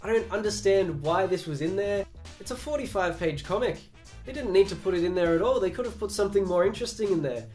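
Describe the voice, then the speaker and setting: A man's voice: high voice, lively intonation, fast talker, darkish tone, soft background music. A young man recapping a comic book casually, chatty and sarcastic, acting out the characters' lines.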